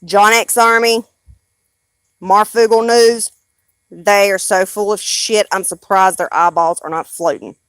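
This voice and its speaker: A woman's voice: mid-range voice, fairly even intonation, unhurried, a bit bright, dry recording. A woman with a Southern US accent chatting casually on a live stream, rambling and blunt, swearing freely.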